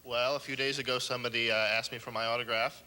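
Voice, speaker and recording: A man chatting with the host as a game show contestant, telling a story quickly. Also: mid-range voice, level tone, pushed and bright, clear, resonant tone. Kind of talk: casual chat.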